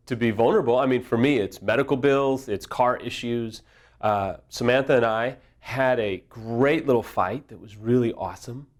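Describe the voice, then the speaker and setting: Middle-aged man, recovery speaker; candid, humorous, vulnerable. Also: medium pitch. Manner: self-deprecating, humorous, openly vulnerable. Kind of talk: candid casual teaching talk.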